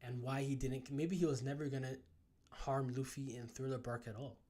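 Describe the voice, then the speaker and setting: A young man hosting a live comic readthrough, reacting in casual, excited chat. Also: mid-range voice, moderate pace. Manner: casual, excited, says bro. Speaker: reaction video host.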